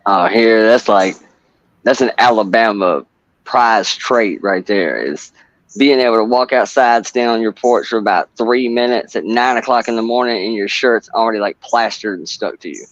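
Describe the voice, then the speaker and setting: A man's voice: lowish voice, moderate pace, no room sound, muffled recording. A man hosting a casual live chat, rambling and swearing bluntly.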